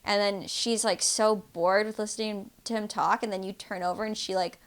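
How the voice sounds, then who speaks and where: A woman's voice: medium pitch, fairly even intonation. A woman co-hosting a podcast, chatting casually and laughing easily. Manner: chatty and giggly, quick to laugh. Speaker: podcast co-host. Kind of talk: casual chat.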